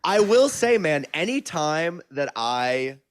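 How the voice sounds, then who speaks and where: A man's voice: a little high, very animated, slow pace, no room sound, clean studio sound. Rambling man in a comedy podcast. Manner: rambling storyteller, swears freely. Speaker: podcast co-host. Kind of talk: casual comedy podcast chat.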